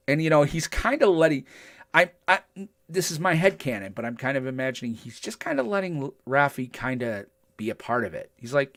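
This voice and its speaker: Brief: older male podcast host, mid-pitched, lively recaps with acted-out quotes. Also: fairly quick. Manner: animated storytelling, acts out quotes. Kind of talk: casual podcast chat.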